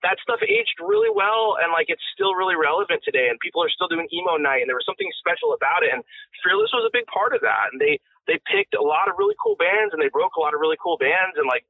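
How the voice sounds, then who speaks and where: Man, guest on a casual interview, lively storyteller, breathy slightly high voice, tinny phone sound. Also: fast talker, no room sound. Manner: animated storyteller, laughs often. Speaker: guest musician.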